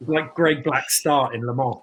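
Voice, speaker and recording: A man's voice: mid-range voice, fairly even intonation, fairly bright tone, breathy edge, poor audio. A man hosting a casual online chat, upbeat and teasing. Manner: upbeat, teasing, quick asides. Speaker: host.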